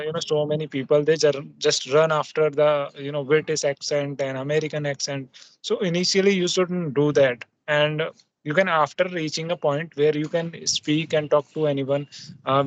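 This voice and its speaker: A man's voice: fairly high pitch, level tone, moderate pace. Hesitant man, muffled audio. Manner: hesitant, many fillers and restarts. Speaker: host. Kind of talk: casual conversation practice.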